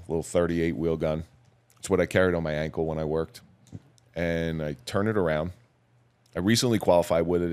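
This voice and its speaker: Deep-voiced man recounting somberly. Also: a little mellow. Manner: measured, somber, plain-spoken recounting. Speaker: podcast guest, police officer. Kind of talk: personal storytelling in a podcast interview.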